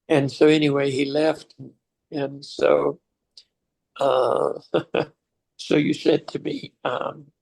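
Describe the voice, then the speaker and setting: An older man recounts a hard stretch of family life to his son, his voice slightly high and gravelly. He speaks reflectively and chokes up now and then, laughing through the emotion. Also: level tone, slow, pauses often, darkish tone. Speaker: father sharing life lessons.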